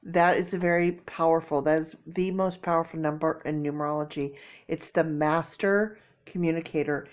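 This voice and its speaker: A woman's voice: deep voice, steady tone, normal speed. A middle-aged woman reading tarot cards to camera in a casual, emotional way, exclaiming and thinking aloud, tearful. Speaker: tarot reader.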